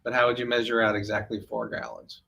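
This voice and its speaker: A man leads a relaxed classroom discussion, setting out a puzzle and patiently going back over it. His mid-pitched voice is bright and forceful. Faint room noise sits behind him. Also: fast talker, creaky, low-quality recording. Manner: poses a puzzle and restates it patiently.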